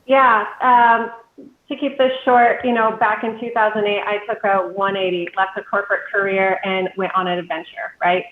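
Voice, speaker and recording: A woman's voice: medium pitch, level tone, normal speed. Woman on an echoey, tinny line. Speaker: guest, yoga teacher. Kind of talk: casual chat.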